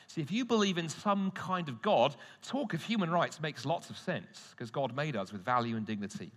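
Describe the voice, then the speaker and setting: A man's voice: a little high, quick pace. A man giving a teaching talk to a Christian audience, telling stories and asking rhetorical questions. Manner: lively storytelling with rhetorical questions. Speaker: conference speaker. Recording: long hall reverb.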